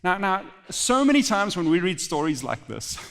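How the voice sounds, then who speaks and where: A man preaching a sermon in a church, telling the story with animated, joking asides. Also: high voice, moderate pace, vocal fry, big-room sound. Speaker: pastor.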